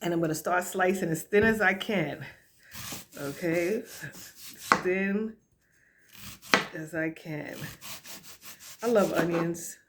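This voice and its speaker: Slow, chatty woman cooking at home. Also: on the low side, noisy background. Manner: chatty, laughs often, talks to viewers as y'all. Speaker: home cook vlogger. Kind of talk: casual cooking chat. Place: home kitchen.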